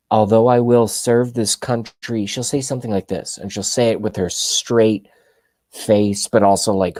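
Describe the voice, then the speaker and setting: A man in his thirties runs a political livestream, ranting sarcastically and rambling as he addresses his chat in opinionated commentary. His voice is fairly low and darkish, with no echo.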